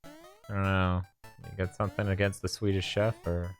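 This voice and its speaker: A man's voice: deep voice, fairly even intonation, a little fast. A man co-hosting a casual gaming stream, joking around, laughing often and reading chat messages aloud while he plays. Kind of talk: casual chat over gameplay. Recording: game music underneath.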